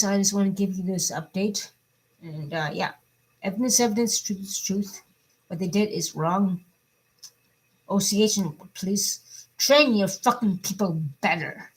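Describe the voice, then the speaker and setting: A middle-aged woman giving a personal video update, upset and swearing, her voice swinging between loud anger and quiet, subdued talk. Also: medium pitch, husky, rough recording. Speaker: vlogger.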